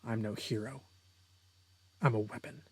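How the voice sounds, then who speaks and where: A man voicing a cold, vengeful young superheroine in a quiet, flat, menacing tone, his own low voice. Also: unhurried.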